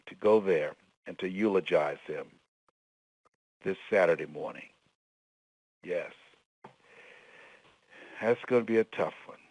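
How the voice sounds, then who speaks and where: A man, a motivational speaker and guest on a call-in line, telling a story emotionally, close to tears, swinging from loud outbursts to hushed tones. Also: sits low, no echo, low-quality recording.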